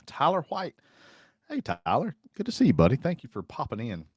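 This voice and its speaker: A man's voice: mid-range voice, wildly swooping pitch, brisk, a little mellow, breathy edge, no echo, studio quality. A man hosting a casual live stream, rambling in a folksy way and reading viewer comments aloud. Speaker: host.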